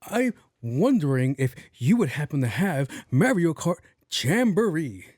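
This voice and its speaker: A man's voice: fairly high pitch, very animated, measured pace, darkish tone, dry recording, clean studio sound. A man voicing an overexcited nerd who speaks like a fantasy quester, theatrical and pompous. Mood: grandiose.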